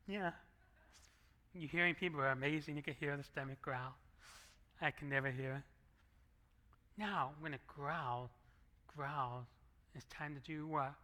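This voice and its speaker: A middle-aged man preaching to a church congregation in a very bright, high-set voice. His sermon is relaxed and conversational, broken up by acted asides, and picked up on a handheld microphone. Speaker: pastor. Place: church sanctuary.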